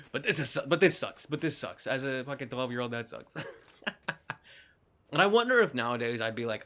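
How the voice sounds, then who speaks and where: Bright-voiced joking young man streaming. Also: medium pitch, lively intonation, fairly quick. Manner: rambling, joking, swearing, laughing often. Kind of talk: live gameplay commentary.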